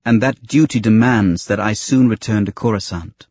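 A man's voice: on the low side, moderate pace, darkish tone, breathy edge, no echo. A man voicing a young female senator who speaks firmly and leaves no room for debate. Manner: firm, insistent.

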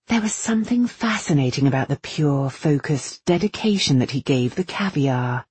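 Low, very husky woman narrating. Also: darkish tone, no room sound. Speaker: audiobook narrator. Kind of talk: scripted narration.

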